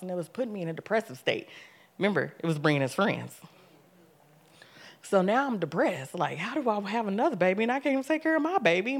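Speaking at normal speed with a husky, medium-pitched, animated voice, a young adult woman delivers a church testimony. She recounts her story vividly, reenacting her own earlier words before rising into loud, emphatic preaching.

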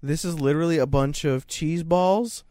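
A man's voice: fairly high pitch, moderate pace, warm tone, no echo, clean studio sound. A young man in casual chat, laid-back and slangy, swearing as he tells his side of the story.

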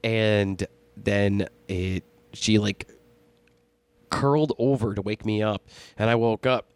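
A man casually telling a ghost story on a podcast, animated and full of swearing. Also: lowish voice, slow pace, clean tone, dry recording. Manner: profane, animated storytelling, laughs often. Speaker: podcast co-host.

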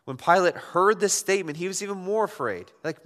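A man's voice: sits high, lively intonation, fast, few pauses, a bit bright. Man preaching with rhetorical questions. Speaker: pastor. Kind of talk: sermon. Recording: long hall reverb.

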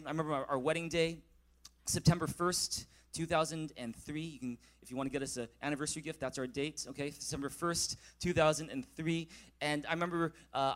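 A male pastor in his thirties delivers a sermon in a notably high voice. He leads his congregation in call-and-response and grows loud and emphatic when reading scripture.

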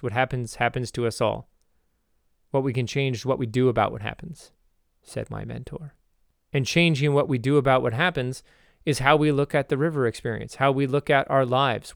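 In clean studio sound with no room echo, a man with a clear, mid-range voice delivers a rambling motivational podcast monologue as host, correcting himself and tossing in jokey asides.

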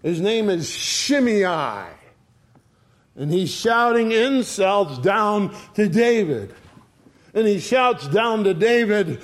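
A man's voice: high voice, lively intonation, takes it slowly. A man preaching a sermon in an earnest way, speaking to his listeners as friends.

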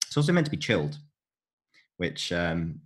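A man's voice: deep voice, very animated, normal speed. A man co-hosting a casual chat, explaining things in a chatty, jokey way and laughing often. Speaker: podcast co-host.

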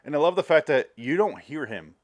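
A man in casual movie talk, animated, acting out scenes and swearing freely. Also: on the high side, fairly quick, no echo. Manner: animated, acts out scenes with profanity.

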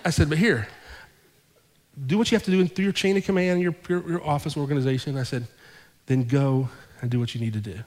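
A male pastor telling a story in a sermon, acting out both sides of the conversations with lively shifts in his voice. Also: on the high side, a little fast. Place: church sanctuary. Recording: long hall reverb.

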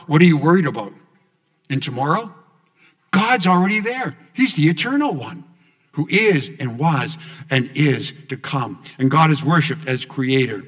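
A male preacher delivering a sermon, earnest and repetitive, sinking to a near hush on key phrases. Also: medium pitch. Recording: long hall reverb.

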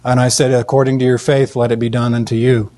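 A man's voice: mid-range voice, level tone, dark tone. Earnest man telling a testimony. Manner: earnest, halting, frequent fillers and restarts. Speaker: Christian speaker telling a testimony. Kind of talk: storytelling testimony.

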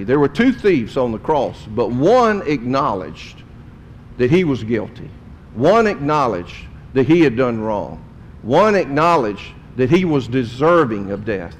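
Animated preacher in a reverberant hall. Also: male voice, mid-range voice, slight background noise. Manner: animated, conversational preaching with asides. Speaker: pastor. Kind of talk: sermon.

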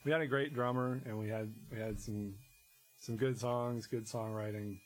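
A man, a musician guest in casual conversation, talking in a rambling, halting way full of restarts and fillers. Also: medium pitch, steady tone, a little hiss or hum, rough recording.

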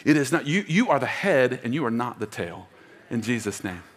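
A man's voice: mid-range voice, sing-song, normal speed, noisy background. A man preaching a sermon as pastor, emphatic, leading the congregation in call-and-response. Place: church auditorium. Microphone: wearing a mic. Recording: long hall reverb.

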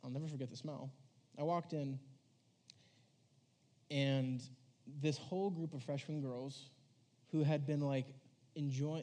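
The voice is fairly high and mellow, belonging to a young youth preacher delivering a laid-back storytelling sermon to young people. He rambles, leans heavily on "like," and acts out quoted voices.

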